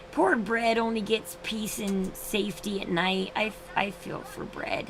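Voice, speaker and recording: A woman's voice: medium pitch, fairly even intonation, unhurried, hardly any pauses, a little hiss or hum, rough recording. A woman in her thirties hosting a casual livestream, chatting in a rambling way with frequent restarts. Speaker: livestream host.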